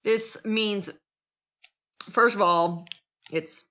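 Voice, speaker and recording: A woman's voice: mid-range voice, very slow, sharp tone, lo-fi sound. An American woman teacher giving a casual classroom lecture, chatty and full of restarts. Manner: chatty, acts out quotes, many restarts.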